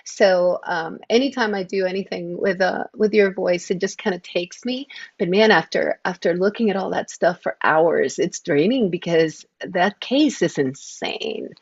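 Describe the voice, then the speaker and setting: A woman's voice: fairly low pitch, unhurried, breathy edge. A woman co-hosting a true-crime livestream, chatting casually and greeting viewers by name with bubbly energy. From Oklahoma. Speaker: podcast co-host. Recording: dull lo-fi stream audio.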